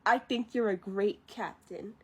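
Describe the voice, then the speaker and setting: A woman's voice: medium pitch, steady tone, unhurried, fairly bright tone, breathy edge, low-quality recording. Woman voicing a earnest young woman soldier.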